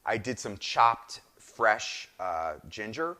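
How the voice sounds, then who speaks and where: A man's voice: fairly low pitch, lively intonation, slow pace, sharp tone. A middle-aged man with a New Jersey accent, hosting a live cooking demonstration and chatting enthusiastically to viewers. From northern New Jersey. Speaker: chef hosting a cooking show.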